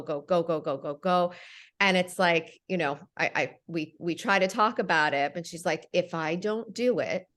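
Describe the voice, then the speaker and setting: Woman podcast host, fairly low voice, affirming and reflective. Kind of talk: conversational interview.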